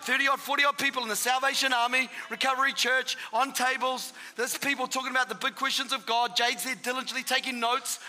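A man in his thirties preaching and telling his testimony, excitable and bursting into shouts for emphasis. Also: very high-pitched. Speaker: guest preacher giving testimony. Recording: reverberant hall with live audience.

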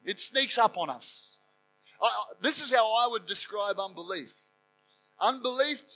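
Bright, high-voiced preaching man. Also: rough recording. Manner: emphatic storytelling, acting out scripture quotes. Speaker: pastor. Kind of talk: sermon.

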